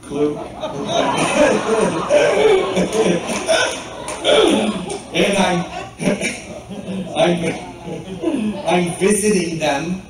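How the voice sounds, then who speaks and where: Male pastor, slow-paced sermon, heard from a distance in a very reverberant church. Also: high voice, very animated, background noise. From Poland. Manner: asks the congregation frequent rhetorical "hmm?" questions. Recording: very echoey church, mic far off.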